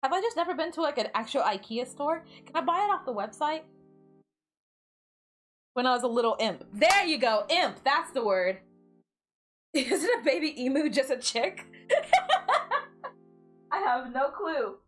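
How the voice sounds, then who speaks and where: A woman's voice: sits high, big pitch swings, unhurried, pauses often, a bit bright, faint music behind. A woman from the United States chatting casually while gaming on stream, giggling often and rambling through lots of filler words.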